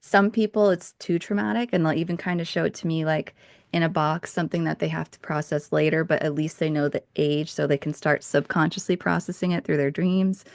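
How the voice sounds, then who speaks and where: Low, gravelly-voiced woman podcast host. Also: steady tone, a little fast, no echo, studio quality. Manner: rambling, filler-heavy, reflective. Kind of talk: casual interview chat.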